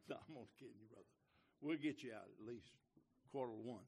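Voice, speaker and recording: A man preaching a sermon as a visiting preacher in a church, folksy and joking, swinging from quiet asides to loud, emphatic lines. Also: medium pitch, a little fast, gravelly, husky. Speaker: guest preacher. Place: church sanctuary.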